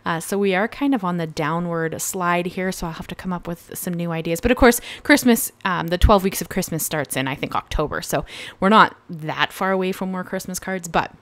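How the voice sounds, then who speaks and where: A Canadian woman narrates a card-making tutorial as a casual voice-over, chatty and rambling, with fillers and frequent self-corrections. Her voice is on the low side, with no room sound.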